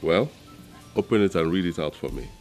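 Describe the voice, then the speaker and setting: An actor with a Nigerian accent playing a proud, bitter, childless king who flies into shouting rages. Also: low-pitched, expressive, a little fast, faint music behind. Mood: imperious. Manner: explodes into shouting rage.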